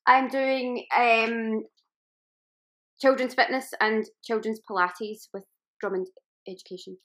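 A woman's voice: a little high, fairly even intonation, slow pace, fairly bright tone. A woman co-presenting a podcast in casual, conversational chat.

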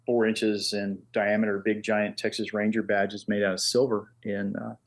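Husky-voiced man telling relaxed stories. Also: fairly low pitch, moderate pace. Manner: relaxed anecdotes with many fillers. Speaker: guest, engraver. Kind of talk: casual chat, storytelling.

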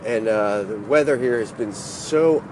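Man in his fifties, slow unhurried talk, car with window open, loud wind and road noise. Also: fairly low pitch. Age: 50s. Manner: playful, chanting word games. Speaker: podcast host. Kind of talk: casual driving monologue. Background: wind and traffic noise.

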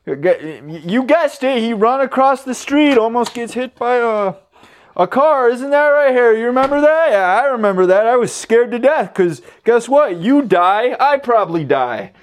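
A man hosting a podcast, telling a rambling story in casual chat from his car, animated and swearing, trailing off and restarting. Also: very high voice, normal speed. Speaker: podcast host. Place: in his car, parked then driving. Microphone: handheld audio recorder.

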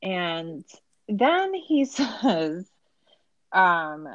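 A woman's voice: on the low side, very animated, extremely slow, no echo, lo-fi sound. A woman hosting a podcast, recapping a show in a sarcastic, rambling casual chat with lots of filler words. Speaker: podcast host.

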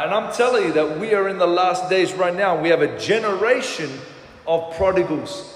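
A man preaching a sermon as pastor, emphatic, with frequent "uh" fillers. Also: high voice. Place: large church hall. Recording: echoey church hall.

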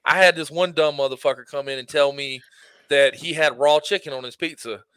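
Podcast co-host, male, bright forceful voice, profane and animated, dry sound. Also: on the high side, brisk, smooth, no echo. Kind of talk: casual chat.

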